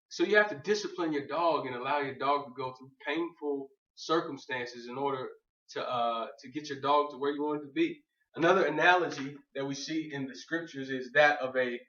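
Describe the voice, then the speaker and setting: Heard from a distance in an echoey room, with dull sound, a man speaks on faith to a gathered audience. His mid-range voice is a bit bright, and he keeps things loose and joking, drifting onto tangents and repeating "you know what I'm saying."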